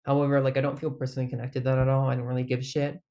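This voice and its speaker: A vlogger with an ordinary middle-pitched, dark-toned voice races through a casual, rambling monologue in a completely flat delivery. He strings his thoughts together with constant "like"s, offhand swearing, and bursts of laughter.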